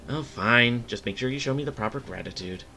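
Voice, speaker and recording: A man's voice: mid-range voice, a little fast, pushed and bright, faint music behind. A man voicing a haughty female commander who helps only grudgingly. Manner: haughty, condescending.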